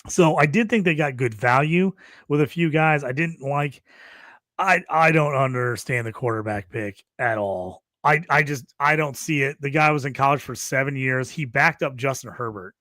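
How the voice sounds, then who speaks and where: A man's voice: mid-range voice, moderate pace, no echo, clean studio sound. A man co-hosting a casual sports podcast, talking loosely and acting out quotes while he rants. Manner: animated, rants with acted-out quotes. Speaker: podcast co-host.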